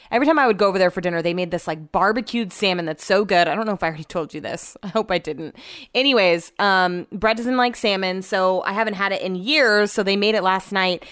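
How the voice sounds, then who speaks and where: A young woman talks straight to the camera in a loose, rambling vlog style, sprinkling "like" through nearly every sentence. Her voice is smooth and clear at an ordinary middle pitch. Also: fairly bright tone. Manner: chatty and rambling, with constant "like" fillers. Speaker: vlogger and radio host. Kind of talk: casual storytelling vlog.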